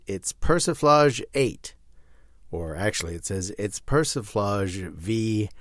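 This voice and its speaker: A man's voice: lowish voice, no echo, clean studio sound. A man hosting a podcast, reading aloud from a zine with wry asides. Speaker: podcast host.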